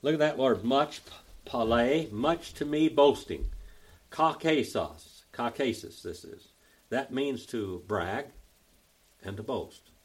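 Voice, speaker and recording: This older man's voice is husky, animated, and medium in pitch, with an Oklahoma Southern accent. Teaching a Bible study, he's folksy and drawling, taking the Greek grammar slowly, piece by piece.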